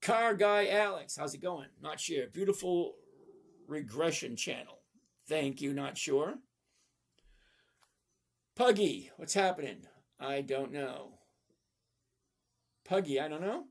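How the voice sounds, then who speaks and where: Answering trading questions from his live stream chat, this middle-aged host is casual, blunt and folksy, with a habit of asking "okay?" His fairly high, gravelly voice moves slowly with lively intonation and long pauses.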